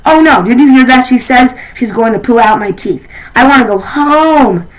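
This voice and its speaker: A bratty little girl's whine, pitched high and stretched into slow, childish pleading, as a woman reads her lines aloud. She sounds easily frightened and stubborn, like a character from a children's storybook. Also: fairly bright tone, close to an everyday voice, rough recording. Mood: scared. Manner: whining, drawn-out childish pleading. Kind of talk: storybook reading.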